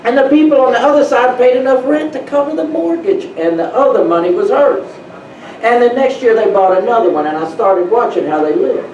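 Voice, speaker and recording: A man giving a motivational real estate talk to an audience, telling animated stories from his own life. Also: extremely high pitch, brisk, lo-fi sound. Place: meeting room. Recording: roomy, distant, faint room noise.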